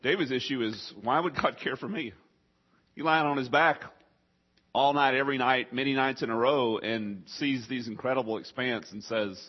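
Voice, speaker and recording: A man preaching to a congregation in a husky, mid-pitched voice. He keeps talking through a nagging cough that chokes him up. The recording sounds muffled and lo-fi. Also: moderate pace. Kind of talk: sermon.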